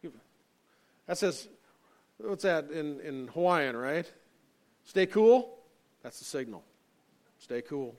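A man's voice: on the high side, measured pace, pauses often. A male pastor giving an earnest sermon, reading scripture and building to emphatic points with frequent fillers.

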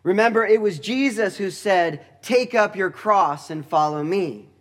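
A man teaching through a Bible passage in a deliberate, explanatory way, with touches of dry humor. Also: high-pitched.

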